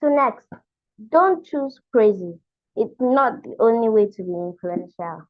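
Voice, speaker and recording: A woman's voice: fairly high pitch, expressive, a little slow, muffled recording. A woman facilitating an online class for girls, thinking aloud and searching for her words.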